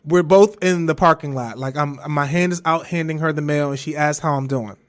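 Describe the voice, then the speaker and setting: A man with a somewhat high-pitched voice tells a personal story as a podcast monologue. He rambles candidly and animatedly, doubling back on himself and swearing freely. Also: steady tone, brisk. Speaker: podcast host.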